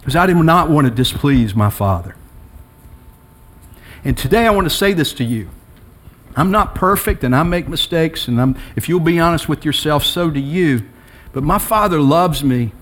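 A middle-aged man preaching a sermon as pastor, telling personal stories between quiet reflection and emphatic rises. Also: on the high side, animated, normal speed.

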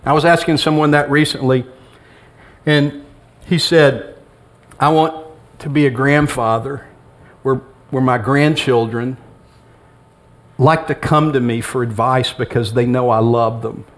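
A man's voice: medium pitch, fairly even intonation, a little slow, long pauses. A middle-aged male pastor giving a sermon in a church, conversational and humorous, acting out bits of dialogue. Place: church sanctuary with congregation.

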